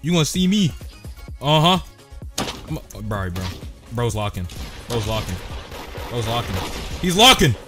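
A young man giving casual gameplay commentary, excitable and slangy, yelping and shouting in fights. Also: medium pitch, a little slow, long pauses, over loud music. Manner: slangy, tags lines with "bro". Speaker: gaming streamer.

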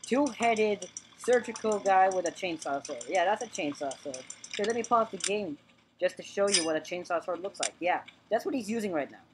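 A woman's voice: mid-range voice, expressive, normal speed, noisy background. A woman hosting a let's play video, talking chattily over her gameplay, repeating words and joking with the characters on screen. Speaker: gaming channel host.

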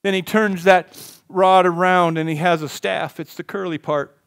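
A middle-aged man preaches a sermon from a church pulpit with a fairly high voice. He swings between hushed passages and loud, impassioned climaxes. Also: fairly even intonation, normal speed, vocal fry. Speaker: pastor. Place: church sanctuary.

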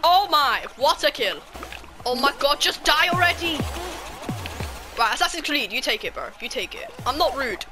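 A woman with a British accent that slips Scottish, giving excitable, foul-mouthed commentary on her own gameplay. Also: high voice, normal speed, music in the background. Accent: British, slipping Scottish. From Britain. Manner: excitable, swearing, jokey trash talk. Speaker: gaming YouTuber.

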